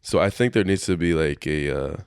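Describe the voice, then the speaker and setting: A man co-hosting a podcast in casual chat, talking in a relaxed, thoughtful way with lots of "like". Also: extremely low pitch, a little fast, clean tone, no room sound, clean studio sound. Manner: relaxed, thoughtful, many "like" fillers. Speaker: podcast co-host.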